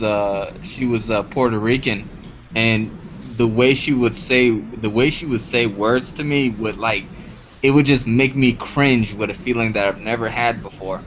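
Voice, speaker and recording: A man talking casually in a group voice chat, halting and rambling with many fillers. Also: mid-range voice, a little hiss or hum. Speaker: voice chat participant. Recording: dull lo-fi online voice chat.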